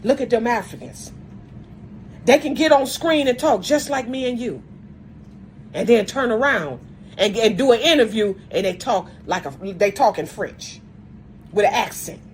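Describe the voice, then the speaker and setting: A woman's voice: fairly high pitch, lively intonation, moderate pace, a little hiss or hum, poor audio. A woman giving a casual, emphatic monologue to her viewers, repeating herself as she lectures them. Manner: often opens phrases with "see" and "look".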